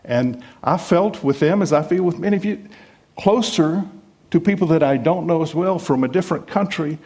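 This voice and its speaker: A middle-aged man from the United States preaching a sermon in a conversational, self-deprecating way with lively emphasis. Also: on the high side, moderate pace, slightly rough. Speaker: pastor.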